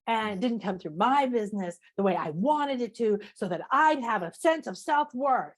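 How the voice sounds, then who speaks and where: A woman spiritual teacher and author, a guest talking in a casual interview, animated and emphatic, repeating phrases and acting out people's inner voices. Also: fairly high pitch, moderate pace. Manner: animated, acts out inner voices and self-talk.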